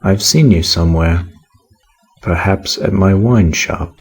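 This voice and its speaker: Man reading a grim, reserved middle-aged wine-shop keeper, deep and husky, curt and mechanical. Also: takes it slowly, heavily acted.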